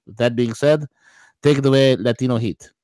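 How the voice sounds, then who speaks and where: A man's voice: medium pitch, fairly even intonation, normal speed, mellow, no room sound, lightly acted, rough recording. A man putting on a grandiose, over-the-top announcer voice to sign off a radio talk show. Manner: grandiose, hyping.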